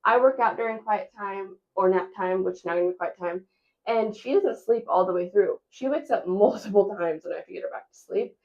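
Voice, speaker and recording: A woman's voice: medium pitch, fairly quick, dull audio. A chatty woman vlogging about her day as a mom, rambling from one thought to the next. She pokes fun at herself as she goes, in an easy mid-range voice. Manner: chatty and rambling, self-deprecating. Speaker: vlogger and stay-at-home mom. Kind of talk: casual vlog chat.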